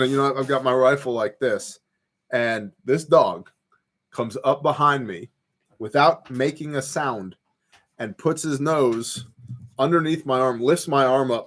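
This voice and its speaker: A man with a mid-range voice speaks at a measured pace while hosting a casual prepper livestream from his home porch. Laid-back, he reads viewer comments aloud and wanders through rambling stories packed with fillers.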